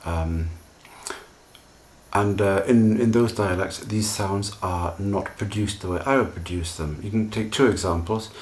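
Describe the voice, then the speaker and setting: A man, explaining pronunciation in a calm, reassuring solo video lesson. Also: on the low side, measured pace. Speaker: English pronunciation teacher.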